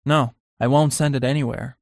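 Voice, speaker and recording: A man's voice: medium pitch, fairly even intonation, moderate pace, vocal fry, dry recording, studio quality, close to an everyday voice. A man voicing an earnest young painter in an audiobook, confiding and uneasy in tone.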